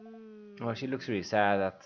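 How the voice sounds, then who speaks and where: A man's voice: medium pitch, very animated, moderate pace, dull audio. Swedish-accented man narrating a game. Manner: emotional, sighing, reads everything aloud. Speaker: let's play streamer. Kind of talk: narrating gameplay aloud for blind viewers.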